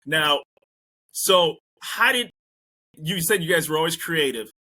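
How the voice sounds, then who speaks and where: A man's voice: on the high side, expressive, unhurried, sharp tone. A man hosting a podcast interview, eager and chatty, affirming his guest often. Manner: eager, keeps affirming with "right" and "yeah". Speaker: podcast host. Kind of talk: casual interview talk.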